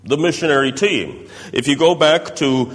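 Preaching a sermon in a reverberant hall, a man with a slightly high voice speaks at normal speed. He explains things step by step and checks in with tag questions like "doesn't it?"

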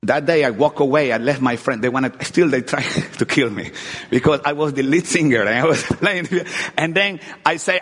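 A middle-aged man preaching an earnest sermon with personal testimony, often repeating words and swinging between loud and hushed. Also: mid-range voice, normal speed, husky. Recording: long hall reverb.

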